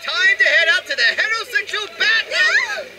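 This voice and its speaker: Someone voicing a brash, goofy teenage boy cook in a comedy fan dub, shouting jokes. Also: very high voice, wildly swooping pitch, moderate pace, a loud crowd, full character voice. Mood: cocky. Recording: loud music underneath.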